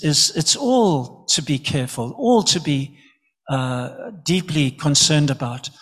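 A man's voice: a little high, fairly bright tone. Earnest man preaching. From Zimbabwe. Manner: earnest, repeats words when emphasizing. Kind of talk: sermon.

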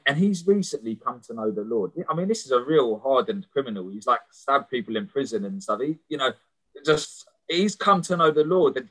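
Man, preacher, sermon with personal testimony, earnest, chatty, stumbles and repeats words, mid-pitched voice. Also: a bit bright, poor audio. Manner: earnest, conversational, often repeats words when starting a phrase. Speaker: preacher and prison missionary.

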